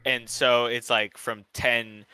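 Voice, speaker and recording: Young man in his twenties, very bright crisp voice, dry sound, chatty and rambling. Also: medium pitch, flat delivery, takes it slowly, dry recording, poor audio. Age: 20s. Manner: rambling, chatty, trails off quietly. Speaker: student player being coached. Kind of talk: casual chat.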